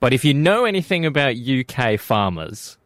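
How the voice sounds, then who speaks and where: A man with an Australian accent, hosting breakfast radio in jokey, animated banter. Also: mid-range voice, moderate pace, dry recording, soft background music. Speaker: radio host. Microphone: studio mic.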